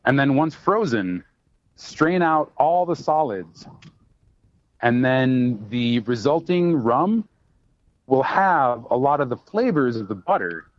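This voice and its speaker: A man's voice: medium pitch, very animated, slow pace. A man who works as a bartender, a guest on a podcast, talking casually and rambling with plenty of fillers and restarts. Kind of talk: casual chat. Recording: dry, slightly dull sound.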